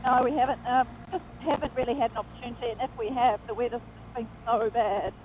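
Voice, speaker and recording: A woman's voice: a little high, fairly even intonation, fast talker, a little mellow, a little hiss or hum, rough recording. A woman chatting casually while riding on a motorbike, chipping in short remarks. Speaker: motorcycle vlog co-host. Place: on a motorbike outdoors.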